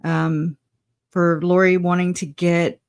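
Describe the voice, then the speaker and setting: A woman's voice: lowish voice, little pitch movement, takes it slowly, creaky, clean tone. Chatty woman hosting a livestream. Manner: chatty, laughs often, greets viewers by name. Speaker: livestream host. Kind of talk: casual livestream chat.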